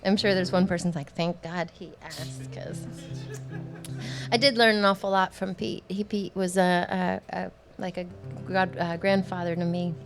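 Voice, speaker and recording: A woman's voice: lowish voice, fairly even intonation, moderate pace. A woman singer-songwriter chatting between songs at a small club show, rambling and joking and laughing often. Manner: jokey, laughing often, self-deprecating. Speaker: singer-songwriter performing live. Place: small music club stage. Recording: live club sound with guitar under speech.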